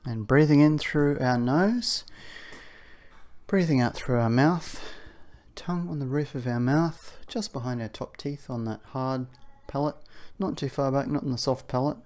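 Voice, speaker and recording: A man leading an outdoor exercise warm-up, talking through the moves with chatty asides. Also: medium pitch, moderate pace. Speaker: exercise instructor. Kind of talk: guided warm-up instruction. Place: outdoors on a windy day.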